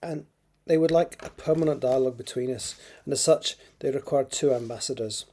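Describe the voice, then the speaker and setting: A man's voice: medium pitch, a little fast, dark tone, lightly acted. A man voicing an earnest young Scottish man with a Scottish accent, explaining steadily in a storybook reading. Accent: Scottish (put on).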